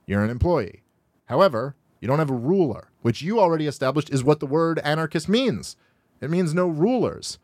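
A man's voice: lively intonation, moderate pace, a little mellow, no echo, clean studio sound. A male podcast host reacting to a video clip, arguing back with exasperation that pushes his voice sharply upward as he rebuts. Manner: exasperated, rising sharply in pitch when rebutting. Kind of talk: argumentative commentary on a played clip. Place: podcast studio.

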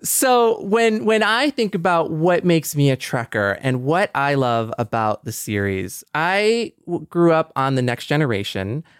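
Smooth-voiced man podcast host. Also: a little high, animated, unhurried, few pauses, no room sound, studio quality. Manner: enthusiastic fan. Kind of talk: casual podcast chat.

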